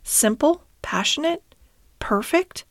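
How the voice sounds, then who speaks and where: Dreamy poetic male water rat, murmuring and hushed, lifted pitch, as a woman reads him; dry close sound. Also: animated, slow, no room sound, heavily acted. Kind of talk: storybook character voice.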